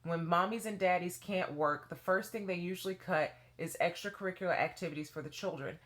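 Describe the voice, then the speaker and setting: Animated woman with a lower voice telling a story. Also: fairly quick. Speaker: former children's dance teacher. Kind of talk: personal storytelling vlog.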